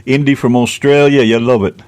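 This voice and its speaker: A man's voice: mid-range voice, fairly even intonation, brisk, darkish tone, clear, resonant tone. A man hosting a casual radio show, chatting in a rambling way and laughing often. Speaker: host.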